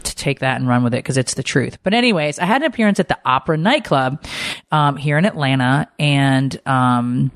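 A woman in her forties hosting a podcast, telling a long personal story in a chatty, animated way full of asides. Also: very deep voice, brisk, no room sound, clean studio sound. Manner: chatty, animated, tells stories with lots of asides. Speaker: podcast host. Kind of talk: casual storytelling chat.

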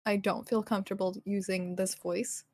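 A woman guest on a casual streamed podcast, speaking in a soft, sultry, teasing voice. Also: medium pitch, level tone, normal speed, noisy background. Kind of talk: casual livestream chat.

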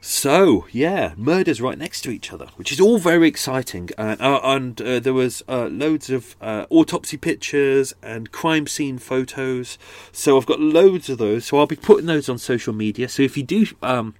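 A man's voice: medium pitch, expressive, moderate pace, a little mellow, dry recording. A man hosting a true crime podcast, rambling casually with many fillers and restarts. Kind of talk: casual chatty outro.

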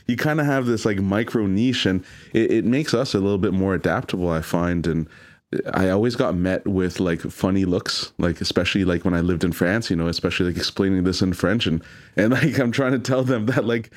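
Deep-voiced man, earnest and halting. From Toronto, Canada. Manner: earnest, halting, repeats words. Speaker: chef and restaurant owner. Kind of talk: conversational interview.

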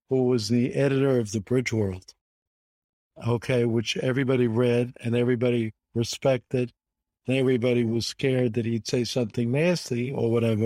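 A man's voice: medium pitch, mellow, no echo. An older man, a guest in an interview, telling anecdotes in an emphatic way and repeating words for stress. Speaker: bridge player guest.

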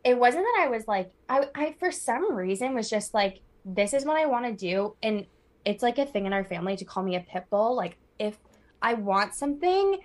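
A woman's voice: on the high side, animated, moderate pace. A woman in her twenties, a podcast guest, talking in a rambling casual way with many fillers. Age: 20s. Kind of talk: casual chat.

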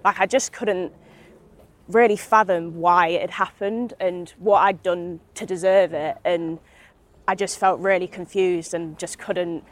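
Young woman from Britain, fairly low voice, halting speech, many fillers, candid interview, outdoors. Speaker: interview guest. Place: outdoors in a park.

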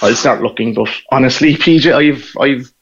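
A middle-aged Irishman with a Cork accent is a guest on a casual phone interview, laughing as he tells stories. His voice is mid-range and moderately paced; the audio has its highs cut off and slight background noise.

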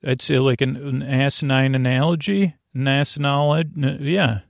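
A man hosting a sleep podcast, talking in a creaky voice and wandering off on tangents in a meandering bedtime ramble. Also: medium pitch, fairly even intonation, normal speed, no room sound, clean studio sound.

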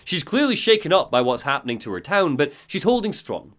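A man co-hosting a podcast, recapping a game's story in an animated way, laughing often and acting out the characters' lines. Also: a little high, brisk. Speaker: podcast co-host recapping a game.

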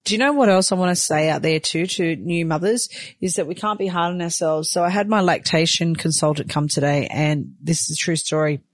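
Candid, chatty new mum. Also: female voice, deep voice, a little fast, no echo. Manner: open, emotional, chatty with many fillers. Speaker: new mother vlogger. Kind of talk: candid personal vlog.

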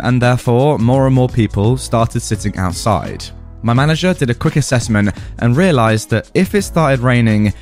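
British male storyteller, lively pitch, playful asides, faint music underneath. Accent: British English. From United Kingdom. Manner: animated, playful reading with quick asides. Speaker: podcast host reading stories. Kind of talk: storytime narration with commentary.

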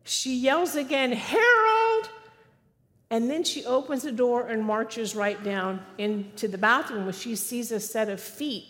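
A middle-aged woman preaches slowly and earnestly, urging her listeners on and circling back to key phrases. Her voice sits a little high. A long reverb from the church hall trails each phrase. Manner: earnest, exhorting; repeats phrases for emphasis. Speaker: women's speaker. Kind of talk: sermon. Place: church sanctuary.

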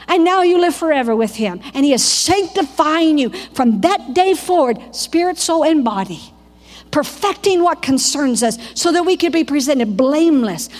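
Fervent high-voiced woman preaching in a hall. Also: expressive, normal speed. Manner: fervent, preacherly, with quoted prayers and asides. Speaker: Bible school teacher. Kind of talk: teaching sermon.

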